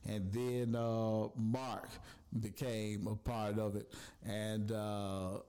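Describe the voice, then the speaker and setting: A man's voice: on the low side, little pitch movement, very slow, dark tone, clean tone. A man casually telling the story of how his podcast started, chatty and loose, with fillers and voiced asides. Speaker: podcast host.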